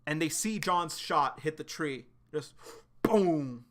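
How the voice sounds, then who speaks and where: A man streaming live, retelling a webcomic chapter in quick, casual narration with sudden excited outbursts. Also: fairly high pitch. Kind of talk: live reading and reaction.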